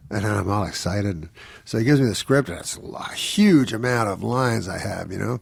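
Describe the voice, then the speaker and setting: A man, a comedian guest on a podcast, telling rambling anecdotes in a dry, offhand way with quick laughs. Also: lowish voice, gravelly, slightly rough, no room sound. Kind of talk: casual podcast storytelling.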